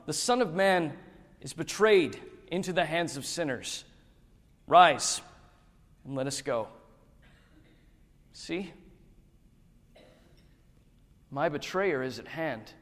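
A man reading the grave, sorrowful words of a male teacher in a slow, deliberate way, with a long hall reverb. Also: a little high. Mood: urgent.

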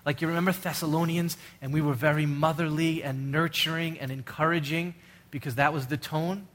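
A man's voice: a little high, steady tone, fairly quick, a bit bright. A middle-aged male pastor preaching a sermon in an earnest, urgent way, full of rhetorical questions.

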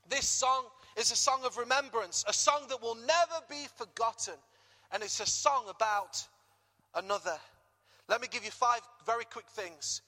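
British guy preaching, high bright voice, long hall echo, gets loud and jokey. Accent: British English. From Britain. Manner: lively, jokey, rises loud on key words. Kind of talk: sermon. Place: church hall. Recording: reverberant church hall.

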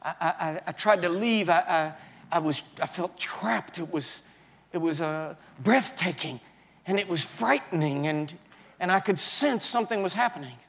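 A man preaching in a sermon, telling his own story with halting restarts and swings between hushed and loud moments. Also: sits high, expressive, vocal fry. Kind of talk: sermon testimony.

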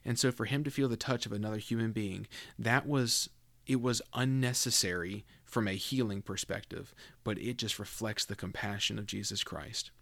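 A man's voice: on the low side, steady tone, moderate pace, vocal fry, fairly bright tone, dry recording. A man hosting a casual Bible teaching podcast, talking loosely with fillers and restarts as he reads scripture aloud.

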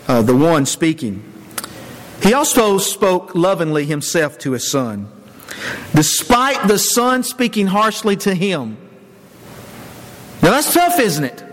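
High-voiced man preaching in a reverberant hall. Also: a bit bright. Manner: conversational preaching with fillers and self-corrections. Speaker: pastor. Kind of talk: sermon.

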